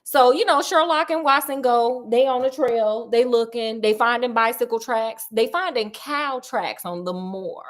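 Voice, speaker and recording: A woman's voice: a little high, a little slow, hardly any pauses. A woman host retelling a classic detective story in a casual, slangy, playful way with chatty asides to a friend.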